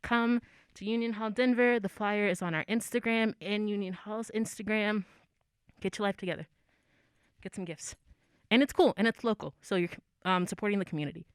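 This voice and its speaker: A woman's voice: medium pitch, normal speed, smooth, no room sound, clean studio sound. A young woman hosting a poetry open mic, chatting in a casual, self-deprecating way. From United States. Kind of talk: casual chat.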